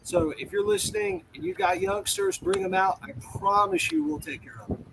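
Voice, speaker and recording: A man's voice: extremely high pitch, very animated, normal speed, gravelly, noisy background. A man who leads a team, chatting in an upbeat, encouraging way. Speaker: team commander. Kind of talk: casual chat.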